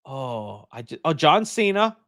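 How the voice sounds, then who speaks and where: A man hosting a live stream, reading out viewer comments and answering them in an animated, chatty way, thinking out loud. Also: fairly high pitch, a little slow, no echo, clean studio sound. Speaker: host.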